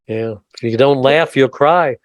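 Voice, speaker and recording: A man hosts a podcast interview in an easygoing way, quick to laugh and toss in a joke. His voice sits at a middle pitch. The recording is close and dry, with no room sound. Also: dry recording. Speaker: podcast host. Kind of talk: conversational interview.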